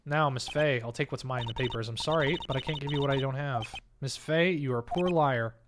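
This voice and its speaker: A man's voice: mid-range voice, a little fast, noisy background, lightly acted. A man reading as an oily scheming villain. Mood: menacing. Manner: oily, mock-polite. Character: smug scheming male villain, older businessman. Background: game music.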